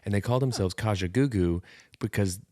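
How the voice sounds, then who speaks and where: A man with a fairly low voice chats loosely on a podcast, rambling from joke to joke and poking fun at himself. The sound is dry and close, with no room around it. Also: a little mellow, no echo. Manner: rambling, jokey, self-deprecating, quick asides. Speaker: podcast co-host. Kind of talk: casual chat.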